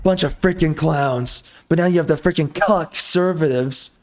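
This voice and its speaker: A man's voice: fairly high pitch, normal speed. A man hosting a gameplay video, ranting in an angry, sarcastic and mocking way. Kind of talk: ranting commentary over gameplay.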